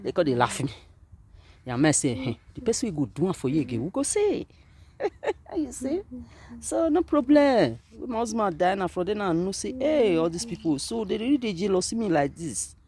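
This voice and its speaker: Nigerian woman, pidgin english accent, lively swooping pitch, warm mellow voice, outdoor vlog, faint background noise. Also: moderate pace. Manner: animated, swings between quiet grief and loud outbursts. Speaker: vlogger. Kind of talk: emotional direct-to-camera monologue. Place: outdoors at a cemetery.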